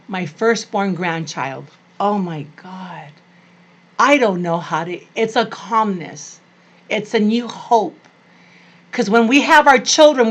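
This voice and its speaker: An older woman vlogging about being a grandmother, telling family stories in a gushing, animated way. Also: medium pitch. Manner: animated, gushing, acts out quoted family voices. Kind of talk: personal storytelling to camera.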